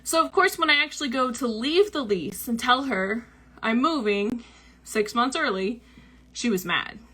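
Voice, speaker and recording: Chatty bright-voiced woman telling a story. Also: a little high, lively intonation, unhurried. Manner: chatty, full of likes and ums, acts out quoted lines. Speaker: host of a book club show. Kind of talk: casual personal storytelling.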